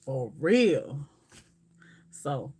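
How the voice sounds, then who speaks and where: A woman's voice: low-pitched, big pitch swings, very slow, darkish tone, slightly rough. Chatty woman livestreaming to her viewers. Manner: chatty, rambling, talks straight to viewers. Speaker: livestream host. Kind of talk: casual chat with live viewers.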